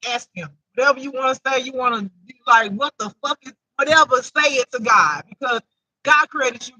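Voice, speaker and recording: Woman, intuitive spiritual reader; very bright, sharp tone, dry close sound, emphatic with loud laughing outbursts. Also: fairly high pitch, no echo, rough recording. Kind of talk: casual spiritual reading to camera.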